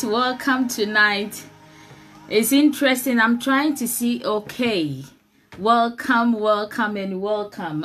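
A woman's voice: medium pitch, fairly bright tone. Woman preacher praying fervently in tongues. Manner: fervent prayer with speaking in tongues. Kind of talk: livestreamed sermon and prayer.

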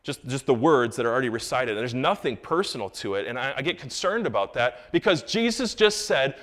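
A man's voice: fairly high pitch, animated, normal speed, hardly any pauses, a bit bright. A young adult man preaching a sermon in a church sanctuary, in a conversational way that breaks into emphatic rises. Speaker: pastor.

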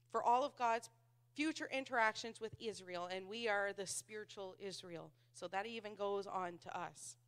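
Woman Bible teacher with a high voice, chatty and self-mocking, acts out the people she quotes. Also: a bit bright. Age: adult, married. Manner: conversational, laughs at herself, acts out quoted voices.

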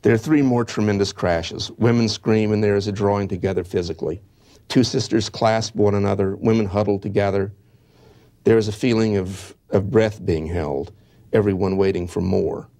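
A man giving a history lecture, reading eyewitness accounts in a measured, halting way with small restarts. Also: on the low side, steady tone, dark tone.

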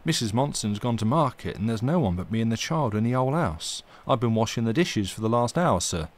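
A man's voice: medium pitch, animated, brisk, close to an everyday voice. A man voicing a timid, nervous young servant girl who stammers and hesitates. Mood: evasive.

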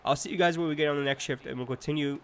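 A man's voice: on the high side, steady tone, racing, a little hiss or hum. A young man giving casual let's-play commentary over a hockey video game, rambling and repeating himself with many fillers. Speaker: gaming commentator.

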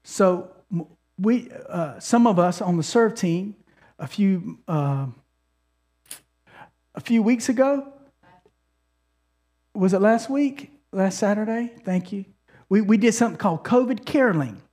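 A man's voice: high voice, animated, measured pace, pauses often, darkish tone. A male pastor preaching a sermon in a conversational, storytelling way, often restarting his sentences and calling on the congregation to respond.

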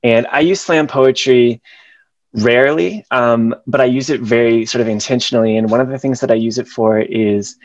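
A man's voice: medium pitch, normal speed, no room sound. Passionate young man, dry dull sound. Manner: passionate, rhythmic spoken-word delivery. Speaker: educator giving a presentation. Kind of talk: presentation with performed slam poetry.

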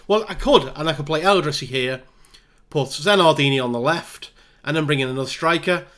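A man giving exasperated, animated play-by-play while playing a football management game. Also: on the high side, moderate pace, pauses often. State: hay fever. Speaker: gaming YouTuber. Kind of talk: live game commentary.

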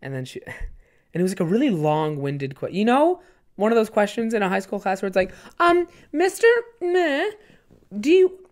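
A man's voice: sits high, fast talker, a little mellow. A young man in his twenties hosting a comedy podcast alone. He rambles casually, swears freely, and tells loose stories in an everyday voice. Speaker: podcast host.

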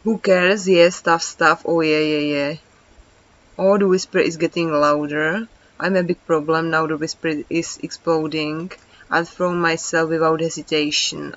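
Halting woman with a dull lo-fi sound. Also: deep voice, little pitch movement. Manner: halting, stumbles and restarts words, many "like" fillers. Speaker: reaction video host. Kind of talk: reading translated lyrics aloud, then casual commentary. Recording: dull lo-fi recording.

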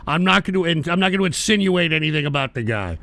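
A man's voice: fairly high pitch, animated, quick pace, gravelly, pushed and bright, dry recording. A man hosting a call-in show, talking crude and ranting with constant swearing. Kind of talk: profane call-in stream chat.

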